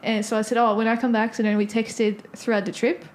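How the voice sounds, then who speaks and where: A French woman with a light French accent telling a story in a relaxed podcast chat, using many fillers. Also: fairly high pitch, quick pace. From France. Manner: chatty storytelling, filler-heavy. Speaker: podcast co-host. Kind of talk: casual chat.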